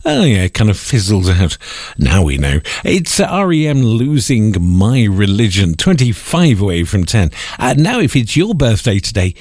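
Male radio host, lively swooping delivery, rambling and wry, dry close sound. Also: lowish voice, normal speed, no echo. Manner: rambling, wry, jokes and corrects himself. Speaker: radio presenter. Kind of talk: casual radio chat.

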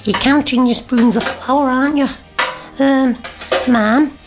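A woman's voice: high voice, steady tone, takes it slowly, background noise. A cheeky young boy. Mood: eager. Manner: eager, pestering questions. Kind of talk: radio comedy drama.

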